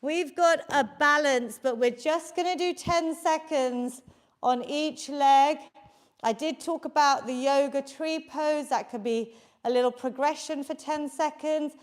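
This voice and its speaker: A woman's voice: high voice, measured pace. A woman leading a live workout from a basement home studio, talking into a handheld mic, encouraging and counting reps aloud, out of breath. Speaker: fitness instructor.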